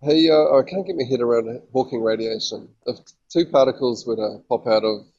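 A man's voice: mid-range voice, a little mellow. A man from New Zealand leaving a hesitant voicemail question for a podcast. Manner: hesitant, with filler pauses. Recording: dull husky voicemail recording.

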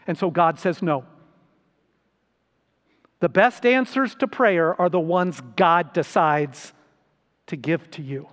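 Slow high-voiced male pastor preaching. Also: fairly bright tone, long reverb tail. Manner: slow, deliberate preaching with sudden rises for emphasis. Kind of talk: sermon.

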